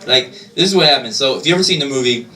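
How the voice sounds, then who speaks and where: A man's voice: medium pitch, lively intonation, rapid-fire, a little hiss or hum. Self-deprecating man doing stand-up. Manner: self-deprecating, laughs between lines. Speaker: stand-up comedian. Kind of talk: stand-up comedy set. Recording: distant mic, loud crowd laughter.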